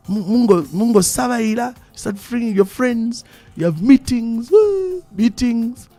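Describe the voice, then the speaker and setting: A man with a Zambian English accent hosting a live radio talk show, telling stories in an animated way and repeating phrases for emphasis. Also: very high voice, measured pace, few pauses, dry recording, faint music behind. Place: radio studio. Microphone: studio microphone.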